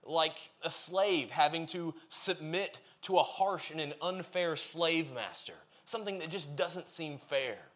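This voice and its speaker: A man's voice: a little high, a little slow, hardly any pauses, a bit bright. A man preaching a sermon, reading scripture aloud and then explaining it in an earnest, emphatic way, building his points as lists.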